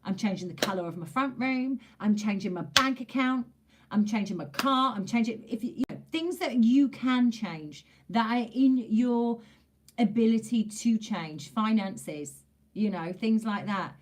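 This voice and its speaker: A woman's voice: fairly high pitch, a little slow. A woman giving a casual tarot reading to camera, chatty and emphatic, repeating phrases for emphasis and swearing mildly. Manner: informal, with mild swearing. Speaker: tarot reader.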